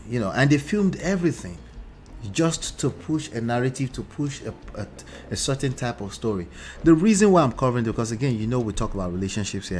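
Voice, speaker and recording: Lowish-voiced man with a Nigerian and New Jersey accent. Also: a little hiss or hum. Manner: chatty, frequent rhetorical "right?" and asides. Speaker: relationship talk host. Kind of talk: casual commentary.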